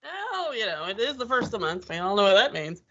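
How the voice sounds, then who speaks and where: A woman's voice: medium pitch, very animated, fast, a bit bright, highs cut off. A woman co-hosting a podcast, chatting casually in a dry, offhand way with wry asides. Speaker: podcast co-host. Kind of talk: casual chat.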